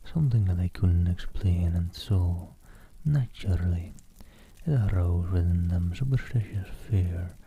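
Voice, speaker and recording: A man reads aloud in a soft ASMR whisper, close to the mic. His voice is deep and very dark, and a faint hiss sits under it. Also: a little slow, dull audio. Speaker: streamer reading a novel aloud. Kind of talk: ASMR reading.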